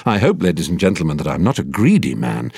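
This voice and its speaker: A man's voice: low-pitched, wildly swooping pitch, fast, gravelly, a little mellow, slightly rough, no echo. Man reading a story, droll and wry, lots of up and down in the voice, dry close sound. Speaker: narrator. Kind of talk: scripted audiobook narration.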